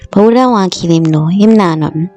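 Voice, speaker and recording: A woman's voice: on the low side, a little fast, mellow, faint music behind, close to an everyday voice. A young woman with a Jamaican accent voicing a blunt, scornful sister in a cartoon, with a harsh, dismissive way of talking. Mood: gossipy. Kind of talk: cartoon voice acting.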